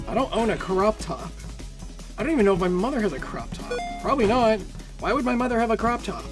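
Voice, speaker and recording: Young streamer rambling sarcastically at chat while gaming, mid-pitched, a little music in the back. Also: big pitch swings, quick pace. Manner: sarcastic, rambling, self-mocking. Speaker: game streamer reading chat. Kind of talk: casual live-stream chat while playing.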